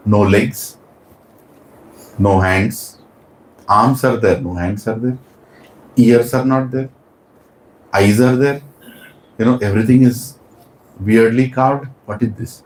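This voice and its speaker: A man's voice: fairly low pitch, animated, slow, long pauses, darkish tone, a little hiss or hum. A man preaching a sermon, telling stories animatedly with chatty asides. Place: temple hall. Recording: roomy temple hall.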